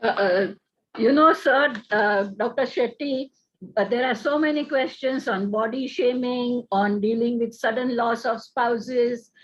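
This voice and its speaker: A polite woman moderating a seminar, her voice fairly high and slightly hesitant. The recording sounds dull and lo-fi. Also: measured pace. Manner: polite, hesitant with many fillers.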